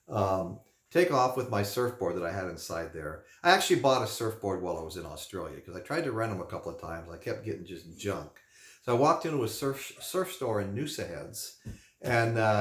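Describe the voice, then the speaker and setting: A man hosting a vinyl unboxing show, telling rambling stories with lots of fillers and chuckles. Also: fairly low pitch. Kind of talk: casual storytelling. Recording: echoey room.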